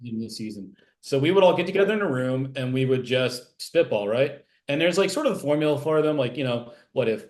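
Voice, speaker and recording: A male TV animation writer guests on a casual interview, rambling about his writing work with plenty of fillers and restarts. His mid-range, darkish voice has lively intonation and moves fairly quickly with few pauses.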